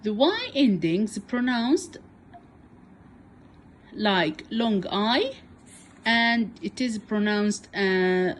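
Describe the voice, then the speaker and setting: A woman with Arabic as her first language teaches English to small children. Her pace is unhurried, with long pauses between words, and her pitch sits in the middle of the range. She repeats each word so beginners can follow along. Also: lively intonation, slight background noise.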